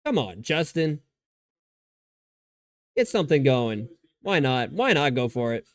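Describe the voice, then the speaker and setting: A man's voice: medium pitch, very animated, measured pace, no echo. A man streaming live, chatting casually and rambling about football, often restarting his sentences and swearing freely. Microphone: desk microphone.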